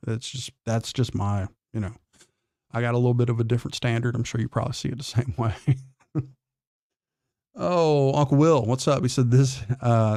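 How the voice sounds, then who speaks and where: A man's voice: medium pitch, vocal fry, a little mellow, no room sound, clean studio sound. A man hosting a casual livestream, reading chat comments and giving blunt, profane, defiant opinions while drawling through restarts. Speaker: livestream host.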